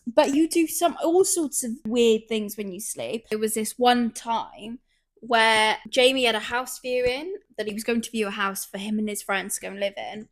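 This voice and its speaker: A woman hosting a podcast, chatting casually and acting out her stories loudly. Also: fairly high pitch, normal speed. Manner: animated storyteller, swears, acts out quotes loudly. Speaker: podcast host. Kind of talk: casual chat.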